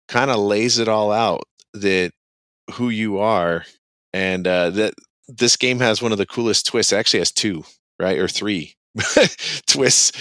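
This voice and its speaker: Low smooth-voiced guy rambling through a game plot recap, lots of likes and ums, dry close sound. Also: bright, forceful tone, no echo. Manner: rambling, heavy on "like" and "um". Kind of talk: casual chat recapping a game's plot.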